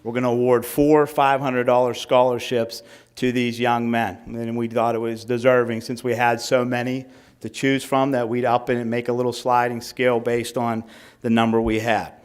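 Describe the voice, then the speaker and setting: A middle-aged man, a high school football coach, giving an awards speech at a team banquet, reading out names slowly with rambling asides and fillers. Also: flat delivery, smooth.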